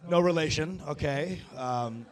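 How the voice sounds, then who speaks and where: A young man performing stand-up comedy on stage, talking in a profane, animated way and tossing asides to the crowd. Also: a little high, a little slow. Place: comedy stage before a live audience.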